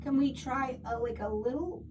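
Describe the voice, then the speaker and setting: A woman's voice: high-pitched, normal speed, highs cut off. A woman teaching a one-on-one singing lesson who explains patiently with lots of "like" fillers and breaks into short sung vowel demos. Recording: distant mic with loud piano music.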